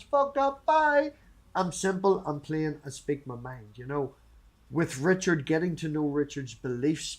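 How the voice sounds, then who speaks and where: Blunt, sweary man. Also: on the high side. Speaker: stream host. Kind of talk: casual livestream chat.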